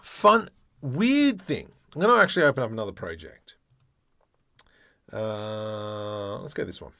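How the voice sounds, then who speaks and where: A man with a lowish voice talks slowly through a screen-recorded modeling tutorial, thinking aloud as he goes. He mutters keyboard shortcuts and lets out playful little exclamations at his own mistakes. The sound is dry and close. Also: lively intonation, a bit bright, no room sound. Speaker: 3D artist demonstrating modeling.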